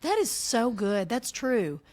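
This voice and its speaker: This is a woman with a Southern US accent co-hosting a relaxed podcast. She talks in a casual, animated way. She slips into playful voices when she quotes people. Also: a little high, slow. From American South. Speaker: podcast co-host. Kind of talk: casual chat.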